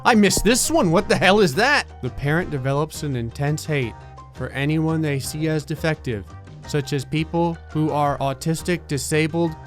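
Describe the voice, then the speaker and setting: A man's voice: a little high, normal speed, soft background music. A young man giving sarcastic, jokey gameplay commentary, reading game text aloud with wisecracks.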